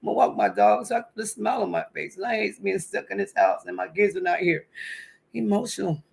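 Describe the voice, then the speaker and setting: A woman's voice: medium pitch, fast, vocal fry, darkish tone, breathy edge. A woman in her fifties hosting a casual home livestream, chatty and emotional, calling her viewers honey and baby. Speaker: livestream host. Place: at home indoors.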